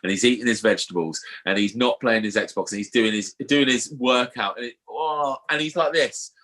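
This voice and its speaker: A man's voice: medium pitch, brisk, a bit bright. A man co-hosting a podcast, telling a story in casual chat and swearing freely. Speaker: podcast co-host.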